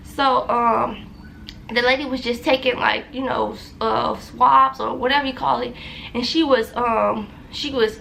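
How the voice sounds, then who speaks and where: A woman's voice: fairly high pitch, fairly even intonation, unhurried, creaky, pushed and bright, slight background noise. A young woman telling a personal story to her viewers in a loose, repetitive, chatty way. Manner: talkative, loose, repeats phrases, addresses viewers as y'all. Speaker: vlogger.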